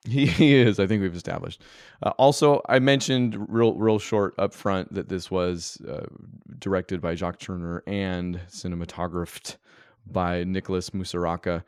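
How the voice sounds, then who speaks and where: A man with a low, resonant, clear voice co-hosts a podcast, talking at a moderate pace with fairly even intonation. He chats casually and enthusiastically about a film, rambling a little and restarting sentences. The recording is dry and studio quality.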